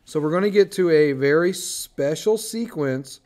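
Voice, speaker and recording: A man's voice: fairly high pitch, animated, unhurried, darkish tone. A man teaching biology in a recorded screencast lecture, talking casually as he draws on slides and corrects his own slips.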